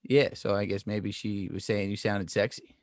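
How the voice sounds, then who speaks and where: A male podcast co-host with a somewhat low voice, speaking in a measured, easygoing way. The sound is dry and close, with no room around him. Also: flat delivery, darkish tone, dry recording. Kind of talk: casual podcast chat.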